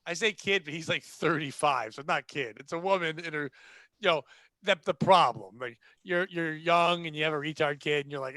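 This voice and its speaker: A man hosting a podcast, telling casual comedic stories in an animated, profane way and acting out the people in them. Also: fairly high pitch, a little fast, no room sound. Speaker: podcast host.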